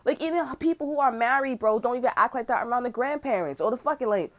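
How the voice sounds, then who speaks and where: A woman's voice: on the high side, expressive, fast talker. A woman in her twenties ranting in heated, unscripted talk, swearing a lot and saying "bro" at nearly every turn. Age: 20s. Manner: profane, heated, says "bro" constantly. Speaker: tarot channel host. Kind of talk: casual unscripted rant.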